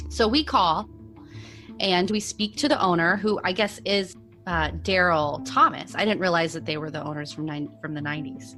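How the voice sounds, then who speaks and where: Woman co-host with a fairly low voice, rambling storyteller, faint music in the background. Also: moderate pace. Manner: rambling, with lots of "like" and laughs. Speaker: podcast co-host. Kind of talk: casual storytelling chat.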